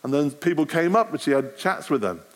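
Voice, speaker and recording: A middle-aged man, a street evangelist, giving an animated talk to a church audience. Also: on the high side, fairly quick. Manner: animated, acts out street conversations.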